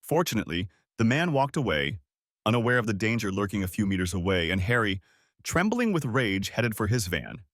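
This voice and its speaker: Man reading out an audiobook story, pitch all over, dry mic. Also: very animated, a little fast, fairly bright tone, no echo. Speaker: narrator.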